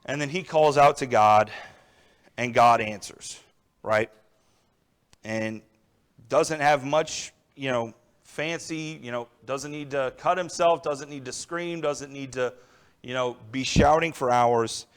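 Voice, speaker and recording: A man's voice: medium pitch, takes it slowly, smooth. A young adult man preaching a sermon in a conversational way, often checking in with his listeners. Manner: conversational preaching with frequent "all right" and "right?".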